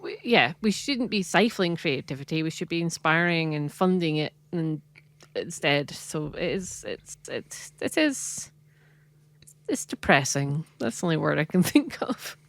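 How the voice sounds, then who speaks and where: A woman's voice: sits low, animated, measured pace. A woman co-hosting a podcast, chatting casually and laughing often, with many restarts. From Britain. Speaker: podcast co-host. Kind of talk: casual chat.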